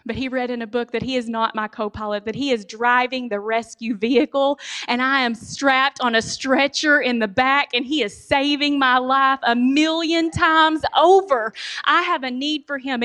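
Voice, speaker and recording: A woman giving a storytelling sermon, animated and humorous, speaking directly to her audience. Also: sits high, measured pace. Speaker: speaker giving a church talk.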